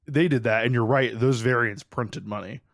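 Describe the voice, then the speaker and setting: A man's voice: mid-range voice, moderate pace, vocal fry, no room sound. Chatty Ohio man, dry close sound. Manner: rambling, upbeat, lots of fillers. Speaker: podcast co-host. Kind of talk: casual podcast chat.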